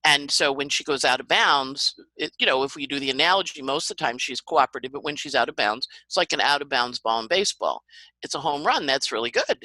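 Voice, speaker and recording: A woman astrologer talking as a podcast guest, animated and dramatic, breaking into little acted-out voices and sports comparisons. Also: rumbling low, fast talker, no echo, rough recording. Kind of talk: podcast conversation.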